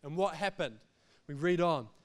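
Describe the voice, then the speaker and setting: Male pastor, emphatic sermon delivery, higher voice. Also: animated, moderate pace. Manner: emphatic, repetitive, jokes between points.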